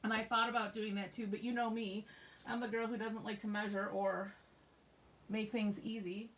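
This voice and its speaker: A woman's voice: medium pitch, little pitch movement, normal speed, a bit bright, a little hiss or hum. A woman hosting a live craft demonstration, chatty and upbeat, reassuring viewers as she shows a stamping technique. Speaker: craft workshop host. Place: craft store classroom.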